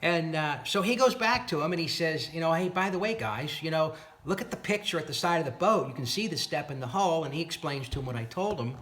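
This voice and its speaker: A man's voice: fairly high pitch, a little fast, few pauses. A man telling a long story about a dispute over his boat motors, reenacting both sides of the talk and sounding fed up and incredulous. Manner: animated retelling with exasperated, incredulous asides. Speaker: boat owner recounting a dispute. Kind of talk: casual storytelling to camera.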